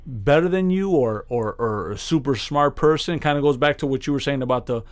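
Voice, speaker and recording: A man's voice: medium pitch, brisk. A man co-hosting a podcast, telling a story in rambling casual chat with many restarts. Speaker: podcast co-host.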